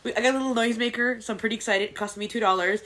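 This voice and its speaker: A woman's voice: on the high side, very fast. A middle-aged woman co-hosting a casual podcast with her daughter, telling stories in a bubbly, giggly way. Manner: bubbly, giggly, animated storytelling. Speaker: podcast co-host, mother. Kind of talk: casual chat.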